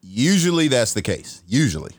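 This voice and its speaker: Host, man, lively storyteller, restarts a lot, dry close-miked sound. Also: mid-range voice, normal speed, dry recording. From Atlanta, USA. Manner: animated storyteller, restarts sentences, acts out quoted voices. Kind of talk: casual storytelling conversation.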